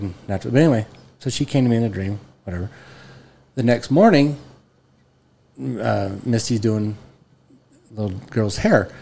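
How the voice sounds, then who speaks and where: A man in his forties tells a long, rambling story to friends on a podcast. He talks in an animated, loose way and restarts his sentences often. His voice sits at an ordinary middle pitch. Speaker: podcast host. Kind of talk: casual storytelling chat.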